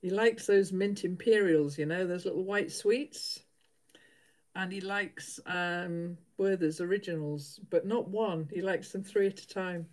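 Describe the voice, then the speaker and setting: A woman's voice: lowish voice, a little slow, a little mellow. A middle-aged woman, chatting casually with live viewers while she sews, laughing often. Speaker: livestream host.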